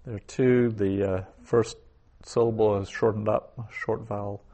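A man's voice: on the low side, steady tone, creaky, warm tone. A man teaching a recorded language lesson, saying each word twice and then explaining it. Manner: slow, repeats each word twice before glossing it. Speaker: Hebrew teacher.

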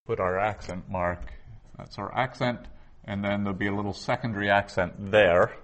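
A man's voice: fairly low pitch, fairly even intonation, moderate pace, a bit bright. A man teaching a Hebrew grammar lesson, explaining patiently and methodically, often restarting his sentences.

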